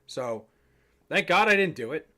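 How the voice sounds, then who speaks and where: A man's voice: on the high side, animated, unhurried, sharp tone. Rambling, slightly tipsy young man streaming. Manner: rambling, profane, joking. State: a bit tipsy. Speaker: livestreamer. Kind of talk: casual chat to stream chat.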